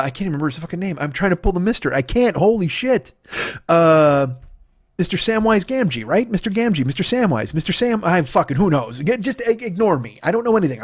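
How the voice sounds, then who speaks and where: A middle-aged male comedian rants fast and high, his pitch leaping all over as he argues with himself in a rambling, profane stream. The sound is dry and close, with no room echo. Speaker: comedian and podcast host. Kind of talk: solo comedic rant. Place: at home.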